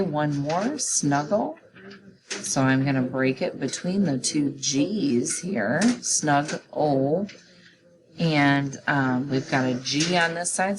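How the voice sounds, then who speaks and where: A woman's voice: very deep voice, background noise. A woman teacher giving a recorded phonics lesson, patiently explaining each step to young students.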